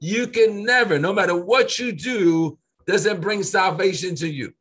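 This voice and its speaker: A man in casual Bible-study conversation, reading scripture slowly and pressing his points with earnest repetition. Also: high-pitched, a bit bright, husky. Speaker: co-host of a faith discussion.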